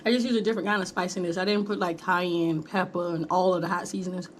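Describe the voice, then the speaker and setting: A woman's voice: on the low side, fairly even intonation, quick pace, a little hiss or hum. A woman vlogging a mukbang in a casual, chatty way, calling her viewers "honey" and "y'all" between bites. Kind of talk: casual chat while eating.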